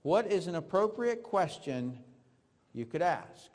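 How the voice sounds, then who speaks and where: A male trainer with a high voice leads a live seminar, quizzing and coaching his audience through drills. His voice rings through a hall with a long reverb. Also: sing-song, unhurried, a little mellow. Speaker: network marketing trainer. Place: large room with an audience.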